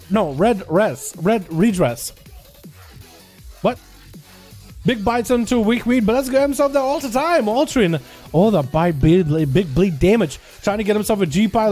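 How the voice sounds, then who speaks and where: A man streaming and casting game duels live, giving excitable, casual play-by-play and talking straight to his chat. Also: sits high. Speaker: streamer and duel commentator. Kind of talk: livestream play-by-play game commentary.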